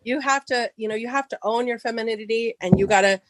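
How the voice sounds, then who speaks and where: A middle-aged woman from Southern California, a podcast guest telling a personal story casually and acting out the dialogue, her voice rising high when excited. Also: quick pace, no echo.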